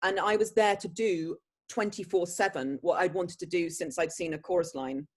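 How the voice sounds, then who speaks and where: A woman, an actress answering interview questions with lively, laughing anecdotes. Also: fairly low pitch, moderate pace, slightly rough. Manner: animated storyteller, breaks into laughter. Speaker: actress guest.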